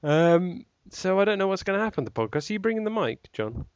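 A man's voice: high-pitched, sing-song, fast talker, no room sound, dull audio. A man hosting a podcast, chatting casually, joking at his own expense and laughing often. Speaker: podcast host. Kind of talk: casual chat.

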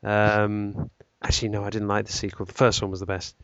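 Speaking fairly quickly in a low-leaning monotone with a fairly bright tone, a man co-hosts a podcast in a casual, rambling way. He uses lots of "ums" and corrects himself often. There's no room sound, and the audio is dull and slightly lo-fi.

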